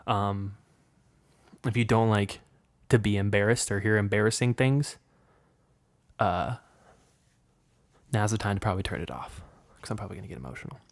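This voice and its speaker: Young man rambling frankly, low and dry. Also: normal speed, vocal fry, long pauses, dry recording. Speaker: podcast host. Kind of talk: solo podcast rambling and improvised poetry. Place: room with a window open.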